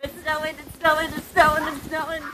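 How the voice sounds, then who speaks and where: A woman's voice: high voice, little pitch movement, a little fast, background noise. A woman vlogging outdoors in fresh snow on a handheld phone, giddy and squealing, laughing and repeating herself. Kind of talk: excited home video chat.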